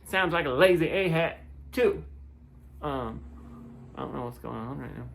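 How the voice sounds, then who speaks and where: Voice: mid-range voice, animated, normal speed, vocal fry, fairly bright tone, a little hiss or hum. An online commentator casually reading posts and comments aloud, often giggling and breaking off into asides and restarts.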